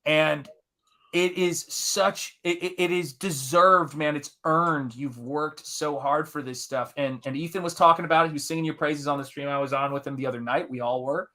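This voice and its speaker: A man's voice: fairly high pitch, fairly even intonation, normal speed, sharp tone. A middle-aged man hosting a live art stream, chatting casually and enthusiastically with his viewers while he paints. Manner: enthusiastic, rambling, talks to the chat.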